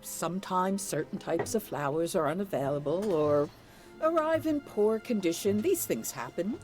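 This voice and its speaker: A guarded flower shop owner, voiced by a woman in a game speaks in a formal, clipped way. Her pitch moves a lot. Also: animated, normal speed, darkish tone, soft background music, lightly acted.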